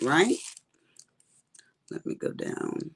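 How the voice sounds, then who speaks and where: Middle-aged Texan woman, warm and chatty, a livestream host who rambles and says honey a lot. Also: extremely slow. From Texas. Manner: chatty, rambling, calls viewers honey and baby. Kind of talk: casual chat with viewers while diamond painting.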